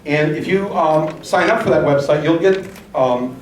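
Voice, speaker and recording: Male town hall host, urging and rambling, a little high-pitched, recorded from across an echoey hall with faint hiss. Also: recorded from a distance. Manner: rambling, urging, spells out addresses slowly. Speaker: event host. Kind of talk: addressing a live town hall audience. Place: large hall with audience.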